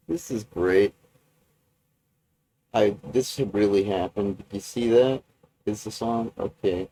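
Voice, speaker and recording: Give me a man slowly talking through a personal video journal, low-pitched and halting. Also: dark tone, slight background noise, poor audio. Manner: halting and rambling, many restarts and fillers.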